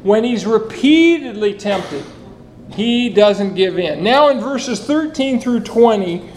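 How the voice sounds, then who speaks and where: A man preaching an expository sermon, reading scripture and asking the listeners rhetorical questions in a lively, animated way. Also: sits high, slow pace, a little hiss or hum, low-quality recording. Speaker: pastor.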